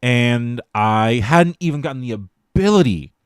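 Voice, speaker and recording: A man's voice: medium pitch, animated, a little slow, smooth, dry recording, studio quality. A male streamer chatting casually on a live stream and ranting animatedly, with plenty of swearing.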